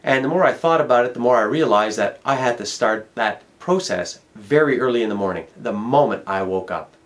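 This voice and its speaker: A man's voice: medium pitch, expressive, a little fast. A middle-aged man, a motivational speaker, giving an emphatic self-help talk and repeating key words for effect. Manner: storytelling.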